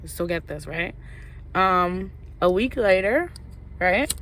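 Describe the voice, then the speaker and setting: A woman's voice: lowish voice, expressive, takes it slowly, fairly bright tone, slight background noise. A young woman telling a storytime vlog in a rambling, casual way, full of fillers and asides. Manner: rambling, filler-heavy, lots of "like" and "right?". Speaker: vlogger.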